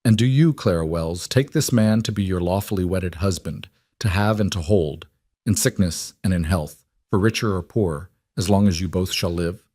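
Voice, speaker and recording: A man voicing a frontier reverend who recites wedding vows in a formal, measured way. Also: low-pitched, a little mellow, no room sound, studio quality. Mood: solemn. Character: solemn male frontier reverend officiating.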